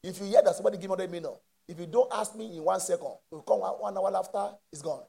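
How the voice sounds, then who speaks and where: A man preaching a sermon with impassioned call-and-response and shouted peaks. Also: high voice, fast talker, gravelly, breathy edge.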